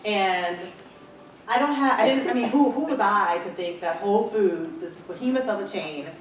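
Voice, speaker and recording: A woman speaker tells her business story to an audience, acting out what people said to her as she goes. She sits at a middling pitch. The recording is distant and very echoey, with a faint hiss underneath. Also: normal speed. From Michigan, USA. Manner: animated storyteller acting out quoted dialogue. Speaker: entrepreneur speaker. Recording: echoey hall, far from mic, faint noise.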